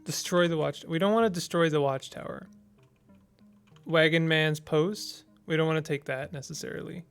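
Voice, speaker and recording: A man's voice: a little high, moderate pace, creaky, fairly bright tone, smooth, soft background music. A man casually commenting as he plays a text-based strategy game, reading its text aloud and thinking through his moves with small hesitations.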